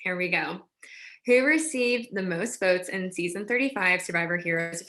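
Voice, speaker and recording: A woman's voice: medium pitch, normal speed, pushed and bright. A woman guest co-hosting a trivia game, playful and teasing, reading questions aloud. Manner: playful, teasing, says y'all. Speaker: guest co-host.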